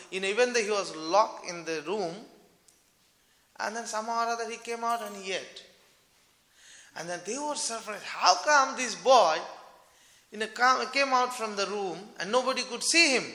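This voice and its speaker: High-voiced man telling a devotional story. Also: pushed and bright. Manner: conversational, with frequent fillers. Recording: echoey hall with long reverb.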